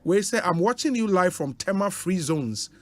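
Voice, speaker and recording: A man's voice: high-pitched, animated, moderate pace, a little mellow, no room sound. A man with a Ghanaian accent, a radio host reading out listener greetings on air in a chatty way, with interjections between names.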